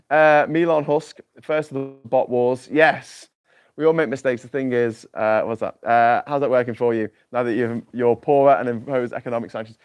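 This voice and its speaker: A man's voice: mid-range voice, steady tone, normal speed, smooth, no echo, dull audio. Chatty man rambling. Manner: chatty, jokey, repeats words when starting sentences. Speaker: livestream host. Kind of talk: casual rambling chat. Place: island home without mains power.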